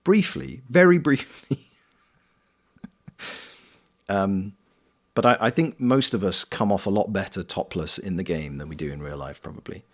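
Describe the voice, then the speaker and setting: A man's voice: low voice, animated, moderate pace, long pauses. A man with a South Coast English accent, casually chatting with viewers and answering their messages during a gameplay stream. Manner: playful, reads and answers chat. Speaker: streamer and voice actor.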